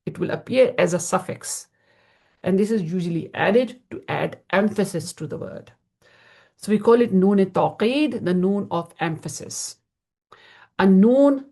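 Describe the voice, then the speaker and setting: Low, gravelly-voiced woman teaching grammar. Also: darkish tone. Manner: patient, repeats key terms for emphasis. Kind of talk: slide-based online lesson.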